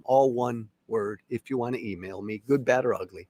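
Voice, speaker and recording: A middle-aged man talks alone into the mic as a podcast host, angry and emphatic. His voice sits at an ordinary pitch. The sound is dry and close, with no room around it. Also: normal speed, darkish tone, dry recording. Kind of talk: solo opinion monologue.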